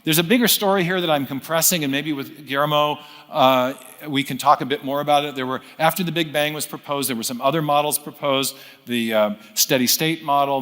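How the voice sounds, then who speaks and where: A man's voice: fairly high pitch, a bit bright. A man with a slightly raised voice lectures, building his explanation step by step, often breaking off to correct himself and restart. The recording carries the long reverb of a lecture hall. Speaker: philosopher of science giving a talk. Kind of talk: unscripted lecture storytelling.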